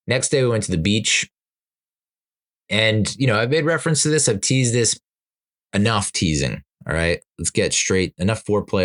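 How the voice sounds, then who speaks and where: A man's voice: low-pitched, fairly bright tone. A middle-aged man hosting a podcast, telling a rambling, self-mocking story in casual monologue, laughing at himself. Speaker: podcast host.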